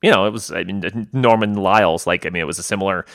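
A man chatting casually about track results as co-host, halting and repeating words with lots of fillers. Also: low voice, creaky, fairly bright tone, no room sound, studio quality. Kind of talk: casual sports chat.

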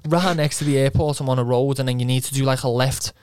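Young footballer, chatty storyteller who swears, monotone voice, dry studio mic. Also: male voice, mid-range voice, fast talker, clean tone, no room sound. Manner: rambling, swears, quotes himself, laughs often. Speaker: footballer guest. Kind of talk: casual anecdote.

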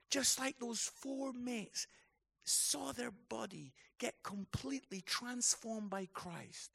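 A man delivers a conference sermon with a gravelly, creaky edge to his voice. He speaks slowly and deliberately, letting stories unfold before rising into passionate exhortation. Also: extremely high pitch, sharp tone. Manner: storytelling, building to passionate exhortation. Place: conference hall.

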